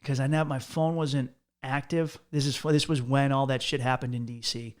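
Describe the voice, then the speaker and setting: A man's voice: medium pitch, steady tone, moderate pace. A young man from the United States, hosting a podcast and telling a long travel story in a loose, profane, rambling way with lots of restarts. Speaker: podcast host. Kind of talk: casual storytelling monologue.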